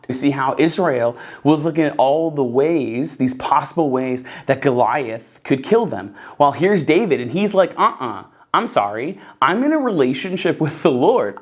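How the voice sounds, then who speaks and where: Animated, chatty Bible teacher. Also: medium pitch. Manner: conversational, keeps asking "right?" and addressing "guys"; enthusiastic, animated storytelling. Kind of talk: casual Bible teaching session.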